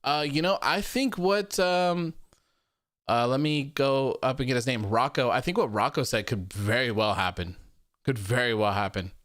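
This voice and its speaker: A man with a smooth, clear voice at a middle pitch hosts a relaxed show, reading out viewer comments. He repeats himself and laughs often, and his voice sounds dry and close. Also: normal speed, no echo. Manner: loose, repetitive, laughs often. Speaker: podcast host.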